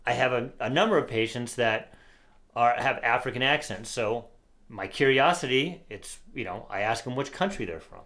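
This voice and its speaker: A podcast co-host in middle age, he delivers opinionated takes on a casual political show and reads song lyrics with heavy sarcasm. His mid-range voice is animated and a little bright, moving at a moderate pace.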